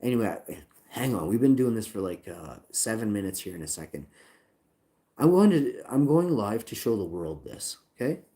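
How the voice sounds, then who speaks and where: Angry ranting man, dark voice. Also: lowish voice, sing-song, moderate pace. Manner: agitated, profane, repeats himself, reads chat lines aloud. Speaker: channel owner livestreaming a complaint. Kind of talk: angry livestream rant.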